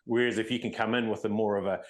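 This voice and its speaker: A middle-aged man holds forth in a relaxed podcast conversation, delivering his points in a rapid stream. His voice sits somewhat low, and he explains earnestly, often backing up to restart a thought. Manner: earnest, explains leadership ideas at length with many restarts. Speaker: podcast co-host. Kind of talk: casual podcast discussion.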